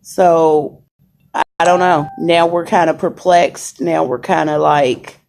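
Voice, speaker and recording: A woman's voice: low-pitched, little pitch movement, takes it slowly, creaky, a little mellow. A young woman chatting casually to viewers from a hospital room on a phone camera, saying y'all and greeting commenters. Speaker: vlogger.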